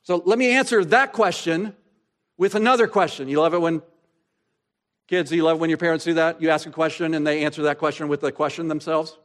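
A male pastor preaching a sermon, asking rhetorical questions and pausing for effect, slowing down to stress key phrases. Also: a little high. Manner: expository preaching, rhetorical questions, dramatic pauses.

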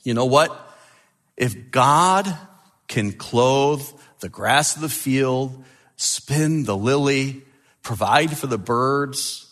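A man's voice: mid-range voice, animated, slow, fairly bright tone. A male pastor preaching a sermon with emphasis, repeating key phrases.

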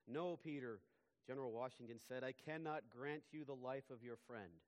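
A man's voice: lively intonation, a little fast. Man preaching a fervent sermon. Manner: builds to loud emphatic peaks and drops to low quiet asides. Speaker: pastor.

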